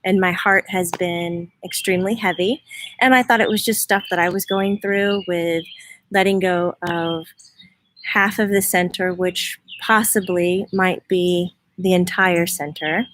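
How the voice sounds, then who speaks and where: A woman's voice: lowish voice, fairly even intonation, measured pace, a bit bright, slight background noise. A woman hosting a casual livestream outdoors in her front yard, chatting and greeting viewers by name. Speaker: host, spiritual medium.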